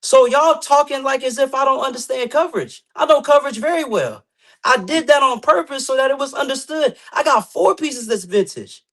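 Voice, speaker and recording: High-voiced man talking trash. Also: lively intonation, moderate pace, a bit bright. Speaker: guest competitor. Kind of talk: casual podcast banter.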